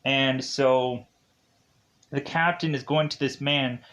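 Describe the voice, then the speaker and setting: A man's voice: mid-range voice, steady tone, slow, fairly bright tone. A man reviewing a film, retelling the plot in a rambling, casual way with many fillers.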